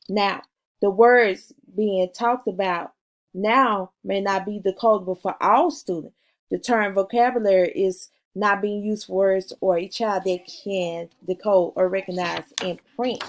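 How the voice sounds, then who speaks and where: A woman giving a recorded class presentation, reading from notes with pauses, fillers and self-corrections. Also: medium pitch, low-quality recording.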